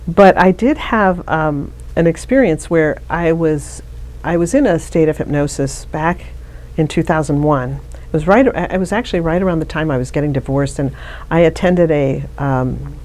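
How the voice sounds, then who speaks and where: A woman's voice: deep voice, moderate pace, darkish tone. A middle-aged woman, an interview guest, telling a personal story in a chatty way with frequent restarts. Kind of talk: casual interview conversation.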